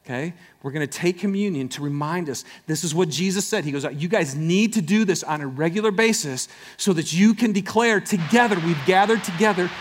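Impassioned high-voiced man preaching. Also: fairly quick, few pauses. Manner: impassioned, swings from loud emphasis to hushed near-whisper. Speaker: pastor. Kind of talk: sermon.

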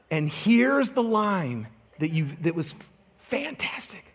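A man with a high, light voice delivers a sermon to his congregation. He tells a story with energy and teases the crowd as he goes. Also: moderate pace, a little hiss or hum. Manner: animated storytelling, joking with the congregation. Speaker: pastor.

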